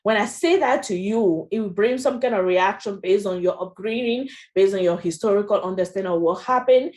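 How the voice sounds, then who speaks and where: A woman with a French accent leads a training session as a workshop presenter, chatty and often tacking on "you know" and "right?". Her mid-range voice is fairly quick and a little mellow.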